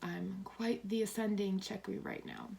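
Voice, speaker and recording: A middle-aged woman giving a tarot and coffee-ground reading, rambling, cursing now and then, and slipping into soft whispers. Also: mid-range voice, fairly even intonation, a little slow, gravelly, slight background noise. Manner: swears freely when relaying messages. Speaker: tarot reader.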